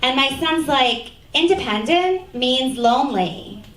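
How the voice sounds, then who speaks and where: A middle-aged woman doing a stand-up comedy set in a comedy club, with a dry, deadpan delivery that acts out dialogue. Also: high-pitched, slow pace. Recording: echoey club, captured from a distance. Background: audience laughter.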